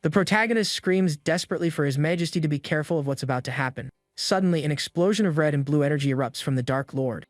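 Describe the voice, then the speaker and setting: A man reading a scripted story recap in a steady storytelling manner. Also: a little high, quick pace, few pauses, dry recording, clean studio sound, soft background music. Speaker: recap narrator. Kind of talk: scripted narration.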